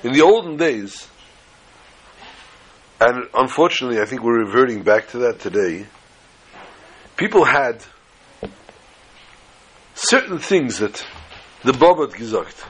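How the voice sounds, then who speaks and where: A man's voice: mid-range voice, sing-song, measured pace, long pauses, fairly bright tone, slightly rough, rough recording. Chatty male storyteller with digressions. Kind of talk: folksy storytelling with Yiddish phrases.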